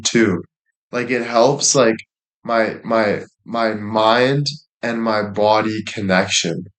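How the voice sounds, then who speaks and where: A young man in loose, crude conversation, talking in circles and breaking into laughter. His voice sits a bit on the low side. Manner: crude, rambling, laughs often. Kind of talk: casual chat.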